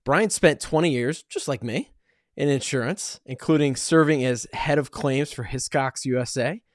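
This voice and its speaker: A male host introduces his guest with eager enthusiasm. His voice sits at an ordinary middle pitch. The recording is dry and close. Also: no echo. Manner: upbeat, enthusiastic, friendly. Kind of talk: podcast host introduction and chat.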